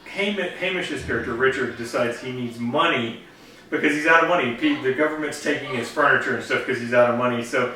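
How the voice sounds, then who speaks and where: A man's voice: mid-range voice, sharp tone, a little hiss or hum. A man chatting casually as co-host of a review show, rambling through a plot recap in a basement room. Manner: rambling retelling with quick voice impressions. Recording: echoey room, mic far off.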